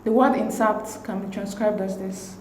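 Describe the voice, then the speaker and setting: A woman explaining exam answers as a tutor, reading each option in a measured, methodical way. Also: medium pitch, steady tone. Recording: roomy echo with faint hiss.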